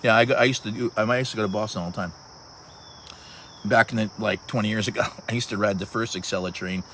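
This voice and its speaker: A man's voice: lowish voice, steady tone, quick pace, a bit bright, a little hiss or hum. Guy in his 60s rambling on a livestream outside, greets chat by name, faint crickets. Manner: talkative, restarts, addresses viewers by handle. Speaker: livestream host. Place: outdoors at sunset.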